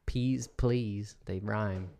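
A man's voice: fairly low pitch, steady tone, drawn-out words, vocal fry, warm tone, a little hiss or hum. A man co-hosting a podcast in casual chat, crude and joking, laughing often. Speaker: podcast co-host.

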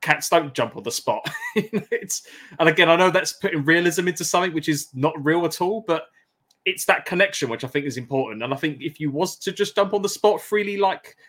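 A man's voice: a little high, animated, fairly quick, a bit bright. A man co-hosting a casual chat about a game, rambling and reading out chat comments. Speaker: podcast co-host.

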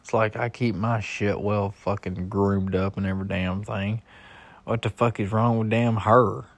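A young man vents about his home life in a slow, unhurried rant full of swearing. He sounds exasperated and griping throughout. The sound is dry and close, with no room echo. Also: fairly low pitch, steady tone. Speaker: husband venting. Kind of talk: profane personal rant.

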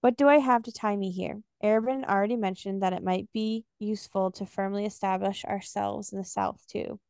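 A woman's voice: mid-range voice, fairly even intonation, brisk, gravelly, a little mellow, clear, resonant tone, dry recording, clean studio sound. A young woman co-hosting a podcast, recapping a novel and reading passages aloud with casual fillers. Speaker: podcast co-host.

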